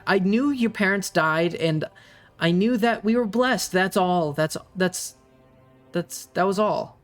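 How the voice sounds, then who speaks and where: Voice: mid-range voice, slow pace, faint music behind, lightly acted. Game master playing a nervous uncle, stammering, hesitant, tabletop game. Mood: flustered. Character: nervous uncle keeping family secrets.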